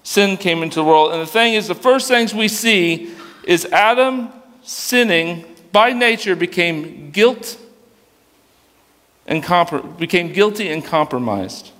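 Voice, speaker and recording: Slow and expressive, a young man's high, slightly bright voice fills a large hall as he preaches as youth pastor. The sermon is casual, peppered with fillers and self-corrections, and his dyslexia makes reading aloud a struggle.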